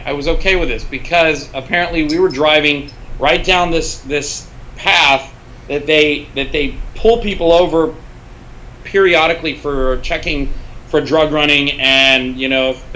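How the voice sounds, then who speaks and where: A man with a bright, tense voice and a slightly raised pitch tells a rambling, profane story in an animated way. He slips into voices for the people in his story. A faint hiss of noise sits under the recording. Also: rough recording. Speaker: podcast guest. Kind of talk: casual storytelling.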